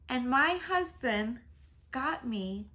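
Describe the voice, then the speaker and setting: Bubbly high-voiced woman in her fifties. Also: slow pace. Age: 50s. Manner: chatty and excitable, laughs often. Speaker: beauty vlogger. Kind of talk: casual chat to camera.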